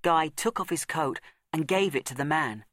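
A man reading a story aloud as narrator, measured and deliberate, with dramatic pauses and slowed words for emphasis. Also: a little high, a bit bright, no room sound, studio quality.

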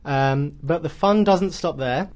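Upbeat male host, slightly high voice. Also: a little slow, a little mellow. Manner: upbeat and encouraging. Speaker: host of a grammar lesson. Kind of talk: radio language lesson.

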